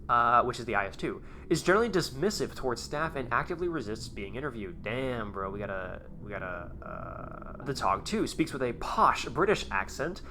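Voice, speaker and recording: A man hosting his own video, reading aloud and commenting in a rambling, excitable way, chuckling often. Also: mid-range voice, normal speed, few pauses, a little hiss or hum. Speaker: YouTube host.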